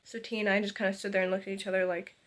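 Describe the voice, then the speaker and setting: A young woman tells a story in a casual, animated vlog style. She acts out each scene as she goes and fills her talk with "like" and "you know." Her pitch sits at a typical middle level. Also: racing. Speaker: vlogger telling a story.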